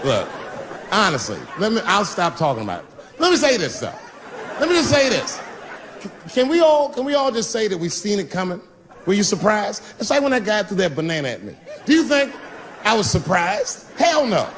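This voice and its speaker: A man in his fifties doing a stand-up routine on stage, swinging from loud bursts to low mutters. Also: big pitch swings, fairly quick. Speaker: stand-up comedian. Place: stage before a live audience. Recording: live show with loud crowd noise. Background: audience laughter.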